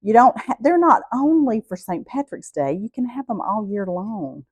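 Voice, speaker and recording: A woman's voice: fairly high pitch, very animated, normal speed, husky, no echo. A middle-aged woman with a Southern US accent hosts a casual cooking vlog, chatting to viewers in a homey way. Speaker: cooking show host.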